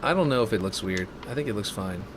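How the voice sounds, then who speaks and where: Guy with a lowish voice streaming his map build, talking to himself and chat, a bit self-mocking. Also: expressive, quick pace, noisy background. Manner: thinks aloud while working, chatty and self-mocking. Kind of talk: casual live-stream commentary.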